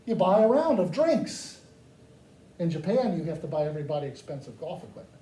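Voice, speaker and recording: Animated high-voiced man talking to a crowd. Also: brisk. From United States. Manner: animated, joking, asks the crowd questions. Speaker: speaker addressing a live audience. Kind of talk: lively talk with audience questions. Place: hall with live audience. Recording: echoey room, mic far off, faint noise.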